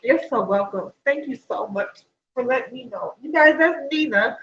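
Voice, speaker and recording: A woman's voice: fairly high pitch, lively intonation, normal speed, muffled recording, a little hiss or hum. A woman chatting casually straight to her viewers on a livestream, in a talkative, emotional way. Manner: chatty, talks straight to viewers, emotional and tearful when reading good news. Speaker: vlogger.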